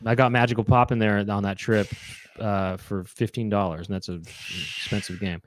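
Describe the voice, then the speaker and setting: A man's voice: fairly low pitch, steady tone, moderate pace, no room sound. A man, a comedian hosting a show, chatting casually in a rambling, jokey way. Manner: rambling, lots of fillers and restarts, jokey. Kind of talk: casual chat.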